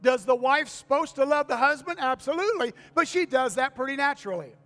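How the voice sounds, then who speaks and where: A man's voice: extremely high pitch, animated, a little fast, a bit bright. An older man preaching to his congregation in a folksy manner, repeating key lines and asking for amens. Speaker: pastor. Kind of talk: sermon. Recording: long reverb of a church hall.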